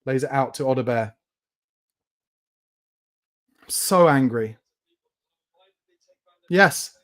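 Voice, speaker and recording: He takes it slowly, his mid-range voice carrying lively intonation, as he hosts a live watchalong for fans. Between play-by-play calls he rants angrily and swears about his team, occasionally shouting.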